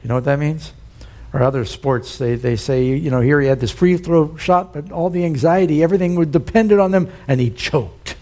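Male pastor, mellow tone, fairly high voice, folksy sermon storytelling with emphatic peaks. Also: fairly quick.

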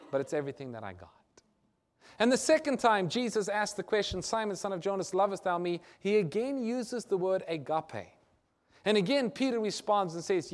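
A man preaching a sermon, acting out quoted dialogue and swinging from loud declarations to hushed, quiet lines. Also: sits high.

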